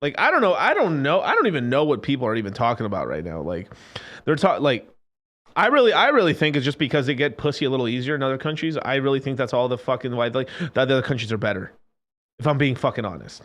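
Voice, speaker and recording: A man's voice: mid-range voice, very animated, fast talker, a bit bright. A man hosting a crypto livestream, ranting in an unfiltered casual way, profane and emphatic, repeating phrases and mocking others. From Mexican.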